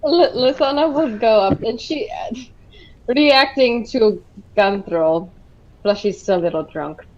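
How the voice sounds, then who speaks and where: A woman's voice: a little high, unhurried, highs cut off. A woman player in a tabletop game, speaking playfully as her character.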